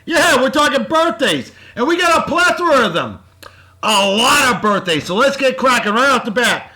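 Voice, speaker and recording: Boisterous high-voiced New man. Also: very animated, moderate pace. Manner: boisterous, hyped-up, shouty slang-laden praise. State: short on sleep. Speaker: vlog host. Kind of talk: casual beer-tasting vlog with shout-outs.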